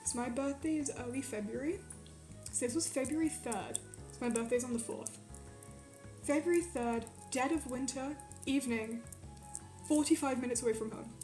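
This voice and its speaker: A young woman from Quebec telling a story in a casual, animated way, swearing often and filling it with "like". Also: sits high, normal speed, reverberant. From Quebec, Canada. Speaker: streamer. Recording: faint music behind.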